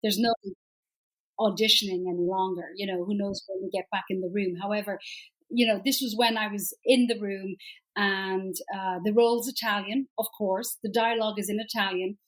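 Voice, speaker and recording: A middle-aged woman with an Irish accent talks with a lot of energy, telling stories in an easy, chatty way. Her voice sits at an ordinary pitch for a woman, and she laughs often. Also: moderate pace, low-quality recording. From Ireland. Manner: lively, chatty, laughs easily. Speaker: actress, guest. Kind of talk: casual interview chat.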